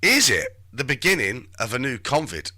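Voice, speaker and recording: A man's voice: mid-range voice, very animated, moderate pace. A man hosting a live stream, chatting and muttering to himself in rambling commentary. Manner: chatty, talks to himself while searching.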